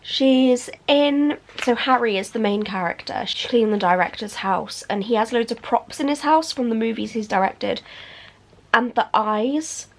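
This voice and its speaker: A young woman, chatting excitedly in a casual reading vlog. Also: a little high. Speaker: book vlogger.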